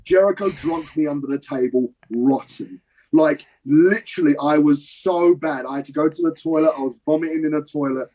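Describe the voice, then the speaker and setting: A young adult man from Britain tells stories as an interview guest, animated and quick to act out scenes. He swears freely and keeps the energy up. His voice sits a little high for a man. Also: poor audio. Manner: lively, swears casually, acts out scenes. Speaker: guest, professional wrestler. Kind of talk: animated anecdote telling.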